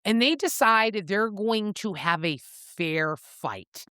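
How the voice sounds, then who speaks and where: Lively woman recapping a book, swearing freely. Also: slow, clean tone, no echo, clean studio sound. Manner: animated storyteller, swears freely, acts out quotes with pitch jumps. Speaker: podcast co-host. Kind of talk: casual book recap chat.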